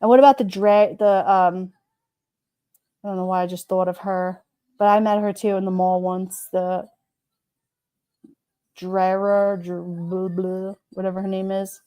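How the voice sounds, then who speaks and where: A woman's voice: mid-range voice, flat delivery, measured pace, long pauses, dark tone, no room sound. A woman hosting a live stream, chatting casually and rambling with her viewers, often giggling.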